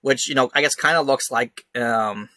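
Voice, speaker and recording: A young man co-hosting a podcast, telling an animated story in casual chat and acting out the shouted lines. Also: medium pitch, moderate pace, no room sound. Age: young adult. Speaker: podcast host.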